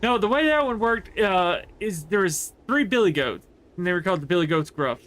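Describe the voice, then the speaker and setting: A man's voice: sits high, expressive, fairly quick, fairly bright tone. A man livestreaming a game, chatting casually and rambling through a story with many fillers. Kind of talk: casual chat while gaming.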